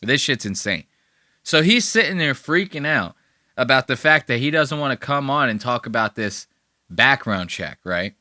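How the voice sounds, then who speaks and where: A man hosting a podcast in casual reaction commentary, rambling along and swearing freely. His voice is bright and forward, and the recording is dry and close with no room around it. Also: medium pitch, expressive, normal speed, no echo. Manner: rambling and profane. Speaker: podcast host.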